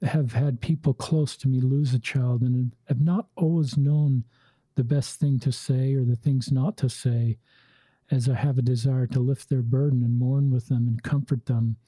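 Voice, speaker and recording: Mellow, husky male host, dry sound. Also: medium pitch, steady tone, moderate pace, no room sound, low-quality recording. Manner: gentle, hesitant, with filler words. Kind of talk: interview introduction.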